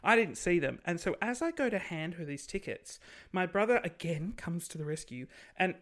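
A woman telling a story in casual podcast chat, animated, acting out the people she quotes. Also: fairly low pitch, moderate pace. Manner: animated, acts out quoted voices.

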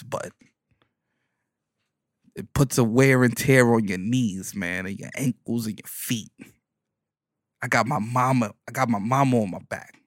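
A male comedian with a thick Bronx New York accent spins a story in a profane, slang-heavy style, riffing and doubling back on his own jokes. His voice sits at an ordinary male pitch. The recording is dry and close, with no room echo. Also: fairly bright tone. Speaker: stand-up comedian.

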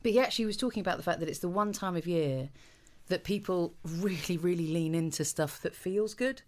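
A woman, a podcast guest who rambles through her thoughts in a lively, self-deprecating way with many fillers. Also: on the low side, fairly quick. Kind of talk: casual chat.

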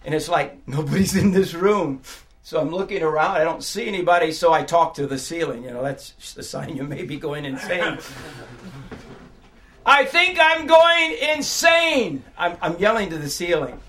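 High-voiced older man preaching emotionally. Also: moderate pace. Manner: swings from hushed storytelling to crying shouts. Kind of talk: sermon testimony.

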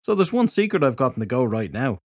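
A gruff, sardonic fairy detective, read by a male narrator in a storybook audiobook. He talks with dry sarcasm and gives little away. The sound is close and dry. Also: mid-range voice, sing-song, fast talker, darkish tone, no room sound.

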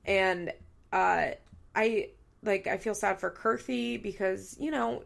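A woman's voice: mid-range voice, slow pace, gravelly, pauses often. A woman in her thirties hosting a recap podcast, talking candidly and tearfully, blunt and profane, rambling and correcting herself as she goes. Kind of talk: candid casual chat.

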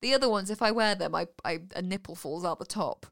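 A woman co-hosting a podcast in casual chat, giggly and animated and quick to laugh. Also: medium pitch, gravelly. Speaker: podcast co-host.

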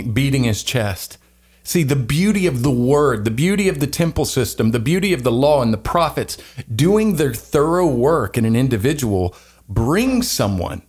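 A man hosting a faith-centered talk, speaking with animated, sermon-like emphasis and sometimes jumping into voices to act out what others say. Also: medium pitch. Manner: animated, acts out quoted voices. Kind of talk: preachy faith discussion.

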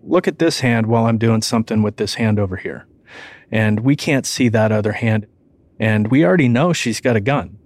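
A man, a police detective, recounting an incident in an interview in a steady, matter-of-fact way. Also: on the low side, normal speed, no echo.

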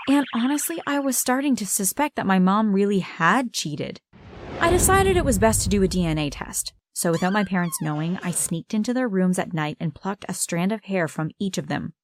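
A woman reads a first-person story aloud with expressive, dramatic delivery. Her voice sits in a middle pitch, and faint noise hums in the background. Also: normal speed.

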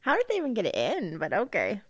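A woman co-hosting a casual true-crime podcast, reacting with quick asides and easy laughter. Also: mid-range voice, wildly swooping pitch, dry recording, highs cut off. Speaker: podcast co-host.

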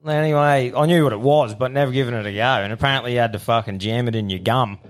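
A man's voice: medium pitch, quick pace. Laughing Australian man, swearing host. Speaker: podcast host. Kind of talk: casual chat.

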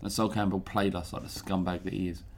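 A man's voice: low-pitched, flat delivery, fast talker. A man in a casual football podcast, blunt and sweary, ranting about a player he resents.

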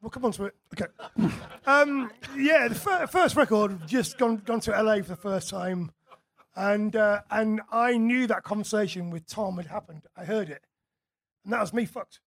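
Guy, high voice, live Q&A guest, laughs a lot, swears casually. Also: moderate pace, a bit bright. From England. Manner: chatty anecdotes, frequent laughter, casual swearing. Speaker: musician guest. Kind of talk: live on-stage Q&A storytelling.

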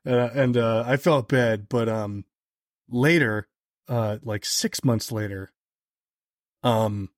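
A man chats as a podcast guest and spins a long, animated anecdote, with plenty of "like" fillers. His voice sits at a middle pitch. The close mic sounds dry, with no room around it. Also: no echo. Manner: animated, heavy on "like" fillers, jumps higher when quoting others. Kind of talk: casual storytelling chat.

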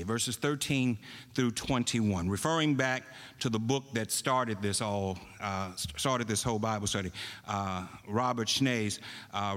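A man preaching a sermon, reading scripture slowly and emphatically, then exhorting his congregation. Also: mid-range voice, fairly bright tone, long reverb tail. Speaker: pastor.

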